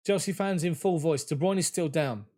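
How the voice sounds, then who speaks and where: A fairly high-voiced man commentating on a football match from his home. He talks quickly and emotionally in a chatty fan's play-by-play. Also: a little mellow. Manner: rapid, emotional, conversational play-by-play. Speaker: fan commentator.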